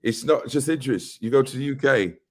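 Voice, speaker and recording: A man's voice: mid-range voice, fairly quick. A middle-aged man, an actor, chatting casually in an interview and telling stories with quoted voices acted out. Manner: animated storyteller who acts out quoted voices. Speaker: actor guest.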